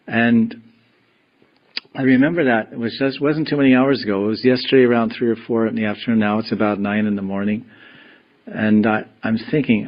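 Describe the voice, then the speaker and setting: Low-voiced guy giving a slow meditative devotional class, kinda dull lo-fi sound. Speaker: spiritual teacher.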